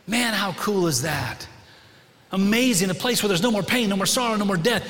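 A middle-aged man preaching a sermon to his congregation in a church, conversational and animated, often asking the room questions. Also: high-pitched, brisk. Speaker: pastor. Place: church sanctuary. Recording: long hall reverb.

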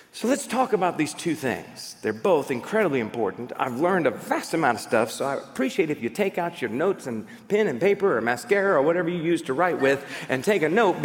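Animated preacher man in a reverberant hall. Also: high voice. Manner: animated, emphatic preaching with rhetorical questions. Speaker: pastor. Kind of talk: sermon.

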